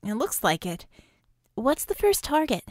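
A woman's voice: high voice, sing-song, unhurried, no echo, clean studio sound, voice pushed up, exaggerated voice. A woman reading an audiobook, voicing a wry, matter-of-fact young woman sharpshooter.

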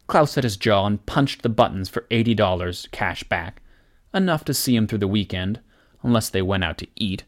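A man narrating an action story aloud as an audiobook reader, in a steady, measured way. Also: fairly low pitch. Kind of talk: scripted narration.

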